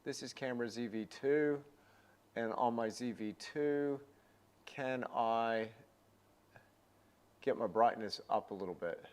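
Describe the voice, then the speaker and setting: A man's voice: mid-range voice, slow, pauses often, darkish tone, clean tone. A young man giving a live painting lesson, chatty and rambling with a self-deprecating manner. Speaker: painting instructor.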